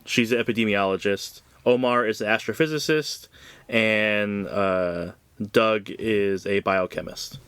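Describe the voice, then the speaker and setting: A man with a low voice talks through a comic bluntly, swearing freely and adding dry, sarcastic asides. He is recorded close up, and the sound is dry and dead. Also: a little slow, fairly bright tone, clean tone, no room sound. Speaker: podcast co-host. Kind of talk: casual comic book review chat.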